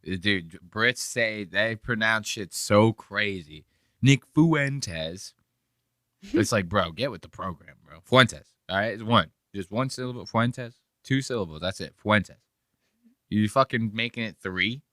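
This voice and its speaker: A man's voice: fairly low pitch, a little slow, sharp tone, no room sound, studio quality. A man hosting a podcast, chatting in a rambling, joking and profane way. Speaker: podcast host. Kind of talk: casual podcast commentary.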